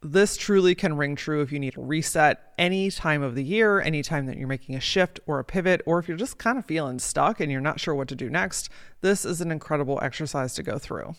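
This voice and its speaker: A woman's voice: sits low, expressive, a little fast, few pauses, no room sound. A woman life coach delivers a motivational podcast monologue, punchy and casual, dropping swear words as she pushes her listeners. Her voice sits close on the mic in a dry, deadened space. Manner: casual, emphatic and sprinkled with swearing.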